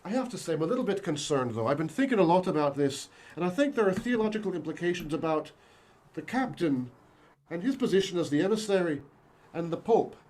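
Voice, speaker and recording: A man's voice: sits high, sing-song, quick pace, darkish tone. A man playing a fussy, chatty priest aboard a space station in an improv scene, in a mock Irish accent.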